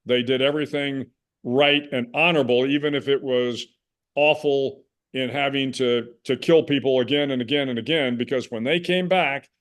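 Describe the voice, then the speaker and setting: A man in his sixties from the United States, a guest in a conversational interview, speaking in a measured, reflective way with frequent restarts. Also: mid-range voice, steady tone, a bit bright. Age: 60s.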